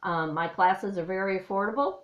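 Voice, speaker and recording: At normal speed and in a mid-range voice, a Missouri woman who works as an artist and life coach talks through a personal vlog from her home. Heartfelt and rambling, she uses many fillers and sometimes gets choked up, in reverberant audio missing its high end.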